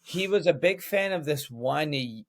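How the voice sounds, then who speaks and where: A man who is a stand-up comedian, telling stories on a podcast over a video call, energetic and full of fillers like "like". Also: fairly high pitch, unhurried. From United States. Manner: energetic storyteller, heavy use of "like". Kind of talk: casual podcast chat.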